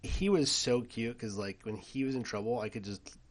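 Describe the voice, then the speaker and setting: A middle-aged man co-hosting a podcast, telling family stories in casual chat and getting animated when he quotes his kids. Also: medium pitch, moderate pace. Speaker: podcast co-host.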